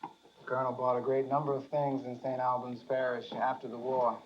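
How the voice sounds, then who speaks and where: Calm lawyer, played by a man, deliberate and pointed, muffled film sound. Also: medium pitch, slight background noise, lightly acted. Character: calm, pointed lawyer confronting a rich family. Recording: dull film audio.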